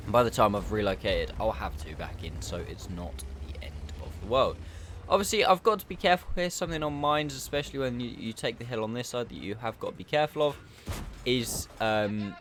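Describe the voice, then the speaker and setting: A man talking through his gameplay in a relaxed, chatty way, his pitch rising and falling a lot as he explains tactics. He mocks himself now and then. A faint hiss of noise sits under the voice. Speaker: gameplay commentator. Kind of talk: casual gameplay commentary.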